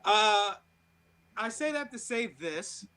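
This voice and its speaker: A man with a strikingly high voice holds the floor as a podcast co-host. He tells a story in casual chat, quick to swear and animated as he builds to the good part. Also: clear, resonant tone, low-quality recording.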